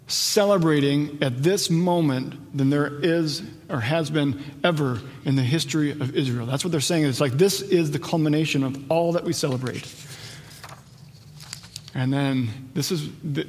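A man delivering a sermon with a slightly high voice, carried by long reverb as if in a large hall. He slows down for scripture and climbs higher and louder when he drives a point home. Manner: builds in pitch and loudness when stressing a point, slows for scripture. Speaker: pastor.

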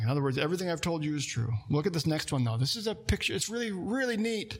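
A man preaching a sermon, animated, reading scripture aloud and talking through a card-game illustration. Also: on the high side, quick pace, few pauses, slightly rough. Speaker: pastor.

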